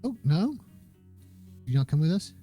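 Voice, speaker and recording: A male game master narrating a tabletop session in a lively, up-and-down voice with a mellow, dark tone. He is chatty and playful, full of fillers and restarts. Faint music plays behind him. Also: a little high, moderate pace.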